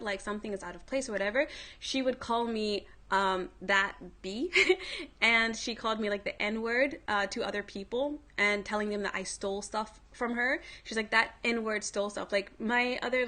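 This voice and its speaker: A woman's voice: fairly high pitch, a little fast, pushed and bright. A woman hosting a livestream, telling a story in a casual way, full of "like" and other fillers. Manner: chatty, filler-heavy, frequent "like". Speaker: livestream host.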